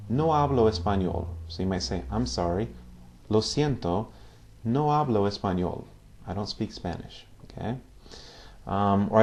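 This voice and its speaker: Patient male Spanish teacher, lowish voice. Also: darkish tone. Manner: patient, repeats phrases slowly, ends points with "okay?". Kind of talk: casual video lesson.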